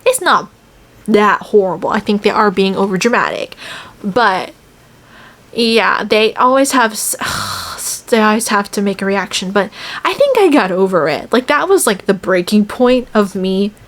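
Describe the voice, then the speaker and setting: A young woman from the United States talking casually about her year teaching English in Korea, telling stories in a chatty way with lots of "like" fillers. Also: mid-range voice. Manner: chatty, many "like" fillers, animated storytelling. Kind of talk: casual vlog chat.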